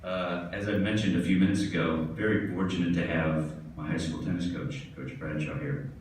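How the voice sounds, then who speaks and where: In a distant, echoey hall recording with a little hiss or hum, a tennis pro gives his hall of fame acceptance speech. He tells funny stories and laughs along with them, speaking at a moderate pace in a low voice with fairly even intonation.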